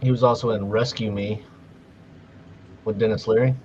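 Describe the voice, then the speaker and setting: Opinionated guy, somewhat low voice, muffled sound with faint noise. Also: steady tone, normal speed, darkish tone. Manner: blunt, opinionated. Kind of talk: casual group chat.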